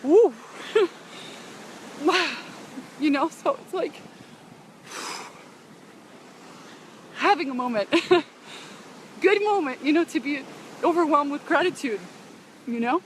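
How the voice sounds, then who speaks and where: A woman's voice: sits high, animated, slow pace, long pauses, a little hiss or hum. A woman live-streaming on a beach walk, talking casually and emotionally to her followers, often laughing and sighing and greeting viewers by name. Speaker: business coach broadcasting live to followers.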